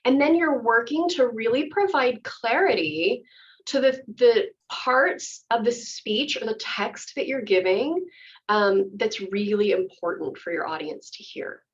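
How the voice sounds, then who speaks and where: A woman's voice: a little high, lively intonation, measured pace. A woman acting teacher giving a chatty, enthusiastic workshop explanation. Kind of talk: workshop instruction. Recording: dull lo-fi audio.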